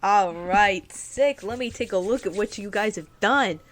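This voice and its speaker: A woman voicing a jittery small male gnome tavern keeper, talking in rapid, upbeat bursts full of fillers. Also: mid-range voice, background noise, lightly acted. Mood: excited.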